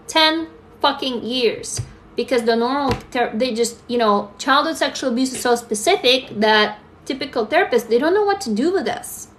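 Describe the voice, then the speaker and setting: A woman's voice: fairly high pitch, a bit bright. A woman in her forties from Russia hosting a casual livestream, candid and emphatic, swearing freely as she answers viewer comments on a phone. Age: 40s. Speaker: livestream host.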